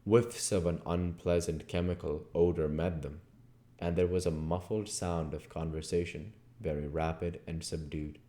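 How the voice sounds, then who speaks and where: A man reading a classic novel aloud as audiobook narration. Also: sits low. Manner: slow, expressive reading. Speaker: audiobook reader.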